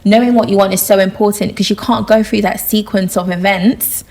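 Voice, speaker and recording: A woman's voice: mid-range voice, fairly even intonation, a little fast, darkish tone. A woman co-hosting a podcast, talking in an encouraging, reflective way in a casual discussion. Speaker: podcast co-host.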